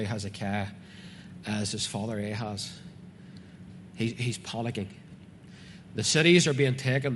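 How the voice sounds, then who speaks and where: A man's voice: on the low side, slight background noise. A man with a Northern Irish accent preaching a sermon, reading scripture and explaining it earnestly and conversationally to his congregation. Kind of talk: sermon, Bible reading with commentary. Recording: reverberant hall with faint ambience.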